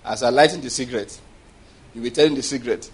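Male pastor, husky tone, lively sermon delivery with frequent call-and-response checks. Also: medium pitch, racing. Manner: animated preaching with call-and-response checks and acted-out voices.

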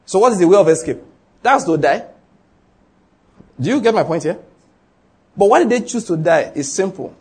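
A man's voice: a little high, darkish tone, husky. A man with a Nigerian accent preaching a sermon, emphatic and full of rhetorical questions, acting out the people in his story.

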